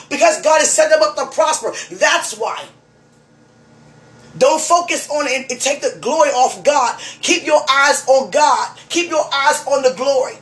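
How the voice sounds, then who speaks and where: A woman giving a fervent, emotional spiritual message to one listener, preaching and repeating her phrases. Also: high voice.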